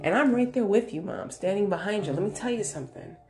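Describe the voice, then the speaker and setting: A woman from New York giving casual motivational advice, animated and confrontational, acting out voices as she tells stories. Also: mid-range voice, fast talker, soft background music. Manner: animated, confrontational storyteller who acts out voices. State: hard of hearing. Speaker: vlogger.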